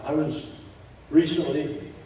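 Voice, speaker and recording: Male preacher, sermon, mellow voice, distant mic, booming church echo. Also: flat delivery, slow pace, a little hiss or hum. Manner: emphatic, repeats key phrases, joking asides. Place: church sanctuary.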